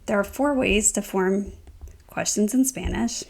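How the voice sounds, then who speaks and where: A woman's voice: medium pitch, unhurried, vocal fry, darkish tone. A woman teaching a tutorial, explaining step by step with frequent ums and self-corrections. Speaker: Spanish teacher. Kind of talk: instructional tutorial.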